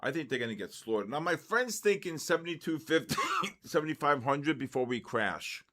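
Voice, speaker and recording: An older man hosting a live trading session, giving blunt, excitable market commentary and answering chat questions with quick asides. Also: fairly high pitch. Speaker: trading stream host.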